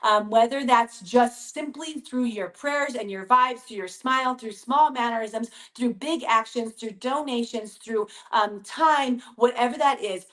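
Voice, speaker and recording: An upbeat woman in her thirties with a fairly high voice talks casually to her listeners, calling them "you guys." She speaks from her home basement in a chatty, encouraging way. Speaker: podcast host. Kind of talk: casual motivational talk.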